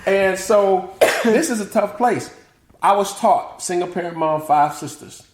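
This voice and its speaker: A man's voice: sits high, unhurried. A middle-aged man from the American South, chatting as an interview guest and acting out family quotes with frequent laughter. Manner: animated, acts out family quotes, laughs often. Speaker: guest, author and motivational speaker. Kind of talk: casual interview chat, storytelling. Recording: echoey room.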